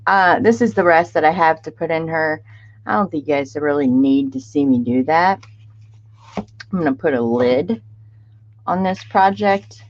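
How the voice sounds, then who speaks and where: Woman chatting low-voiced, unhurried craft streamer. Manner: chatty, laughs often, greets viewers by name. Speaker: craft livestream host. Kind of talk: casual live-stream chat. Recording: dull lo-fi stream audio.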